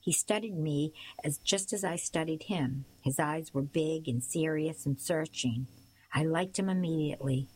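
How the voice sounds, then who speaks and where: Low-voiced woman reading a storybook. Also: a little mellow, poor audio. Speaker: audiobook reader. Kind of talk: first-person storybook narration.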